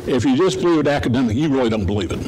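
A pastor giving a conversational sermon, often checking in with listeners by asking "right?" and acting out quoted pleas in short bursts. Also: male voice, medium pitch, lively intonation, very fast, a little mellow, slight background noise, rough recording. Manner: conversational, asks the audience rhetorical questions with "right?"; acts out pleading voices in quotes.

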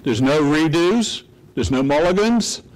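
A pastor giving a conversational sermon, often checking in with listeners by asking "right?" and acting out quoted pleas in short bursts. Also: male voice, fairly high pitch, lively intonation, unhurried, rough recording. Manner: conversational, asks the audience rhetorical questions with "right?"; acts out pleading voices in quotes.

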